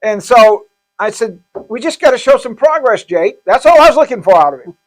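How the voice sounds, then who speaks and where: A man's voice: very high-pitched, sing-song. A man, a pastor, telling a story in a casual interview, stumbling and repeating words and acting out the lines of others. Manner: halting, repeats words, acts out quoted dialogue. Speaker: pastor, shelter founder.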